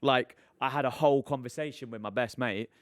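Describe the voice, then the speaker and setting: Blunt young man, smooth voice. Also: mid-range voice, fairly quick, no room sound, clean studio sound. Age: 20s. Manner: earnest, blunt, swears casually. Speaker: podcast host. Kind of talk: casual chat. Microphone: podcast mic.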